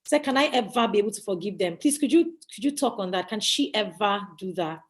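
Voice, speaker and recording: A woman's voice: mid-range voice, expressive, fast. A woman hosting a live online talk show, chatty and handing questions to her guests. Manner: chatty, asks guests for opinions. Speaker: host.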